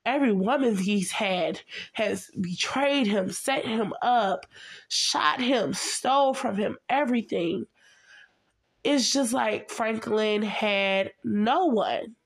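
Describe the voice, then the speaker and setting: A woman's voice: mid-range voice, slow, vocal fry, husky. A young adult woman giving a casual, chatty TV recap, talking straight to her viewers in a gossipy way. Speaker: vlogger.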